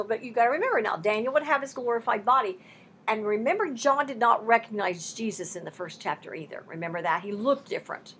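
A woman's voice: a little high, a bit bright, slight background noise. A woman teaching a sermon on scripture, impassioned and emphatic, mixing conversational asides with rising bursts. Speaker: Bible teacher.

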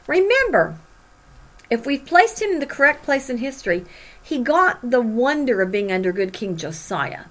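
Woman Bible teacher, lively and higher-pitched, dramatic scripture reading. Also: moderate pace. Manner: animated, dramatic emphasis when reading prophets' cries.

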